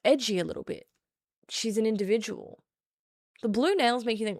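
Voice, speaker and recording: A woman's voice: fairly high pitch, lively intonation, moderate pace, pauses often, no echo, studio quality. A young woman streaming, chatting casually in a playful, self-mocking way. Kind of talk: casual live-stream chat.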